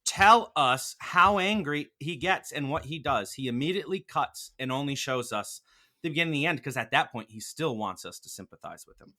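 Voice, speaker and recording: Bright, combative man arguing. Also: mid-range voice, normal speed. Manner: animated and combative, swearing. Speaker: podcast host arguing the defense. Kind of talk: casual podcast debate.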